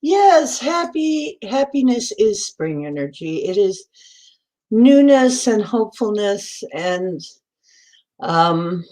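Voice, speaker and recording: Woman, casual livestream chat, relaxed slow delivery, soft mellow tone, laughs often, at home. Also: medium pitch. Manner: chatty, greets viewers by name, laughs often. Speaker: livestream host.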